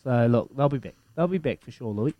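A man's voice: medium pitch, expressive, brisk, no room sound, lo-fi sound. A man with a New Zealand accent hosting a breakfast radio quiz, in jokey, matey banter. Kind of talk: casual breakfast radio chat.

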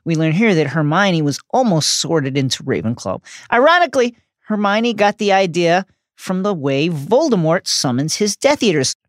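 A woman's voice: lowish voice, big pitch swings, normal speed, dry recording, studio quality. A woman co-hosting a podcast, reading a playful scripted recap of a book with jokey slang asides. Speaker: podcast co-host.

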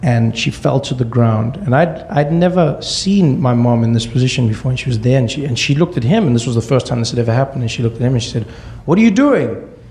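A male stand-up comedian telling a personal story on stage, with deadpan asides in a slow build. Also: mid-range voice, slight background noise.

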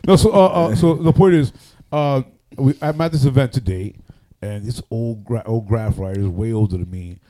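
A man, a radio personality and MC, telling loud, animated stories on a podcast and swearing often. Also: medium pitch, normal speed. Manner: animated, loud, acts out other people's voices, swears often. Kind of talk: casual storytelling on a podcast.

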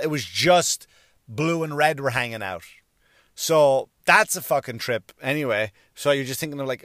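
A man's voice: on the high side, fairly bright tone, no room sound, clean studio sound. A man telling a comedic rant with profanity and exasperation, often stammering and repeating words.

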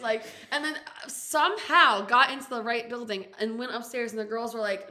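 A young woman in her twenties, talking with a bright, somewhat high voice. She spins a story in a loose, chatty way, laughing often and peppering everything with "like". The delivery is animated casual podcast chat. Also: normal speed, hardly any pauses. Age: 20s. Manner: animated, laughs a lot, many "like"s. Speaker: podcast co-host.

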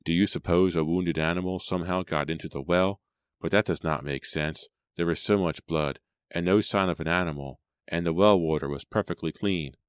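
An anxious young man speaks formally and earnestly in a very deep, low voice. A man reads him in his own voice for an audiobook. The sound is dry and close. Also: moderate pace, clean tone, no echo, close to an everyday voice.

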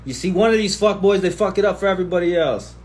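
A man hosting a casual livestream, reading viewer comments aloud and answering them in animated, profane, slangy banter into a phone. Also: sits high, quick pace.

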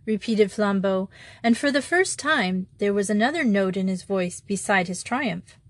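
A woman narrating an audiobook of a classic story in a measured, even way. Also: mid-range voice, dry recording.

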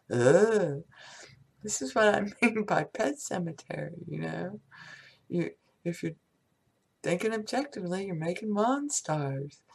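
A woman talking casually about faith and acceptance, rambling, with soft spoken affirmations. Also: medium pitch, gravelly, husky. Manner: slow, meandering, soft affirmations. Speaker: spiritual speaker. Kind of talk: casual spiritual talk.

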